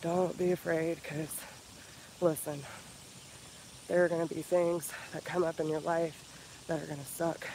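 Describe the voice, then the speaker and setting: Guy preaching self-love on his vlog, kinda high voice, swears a lot, faint hiss behind. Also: little pitch movement, darkish tone, rough recording. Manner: earnest, profane, slow emphatic repetition. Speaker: spiritual healer vlogger. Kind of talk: casual motivational vlog.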